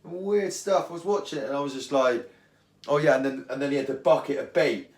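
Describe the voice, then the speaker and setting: Brisk and fairly high-pitched, a man who vlogs about angling goes on an animated, slang-heavy, rambling fishing rant while mixing bait at home. The room he's in is echoey.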